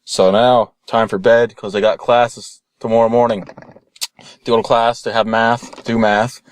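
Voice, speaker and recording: A young man telling a rambling, deadpan comic parody story. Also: medium pitch, measured pace, no echo.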